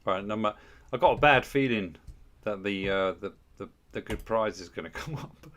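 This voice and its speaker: Streamer, low voice, sweary teasing banter, desk mic. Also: male voice, moderate pace, fairly bright tone. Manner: crude, swearing, mock-outraged banter with chat. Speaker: livestream host. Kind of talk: casual livestream banter.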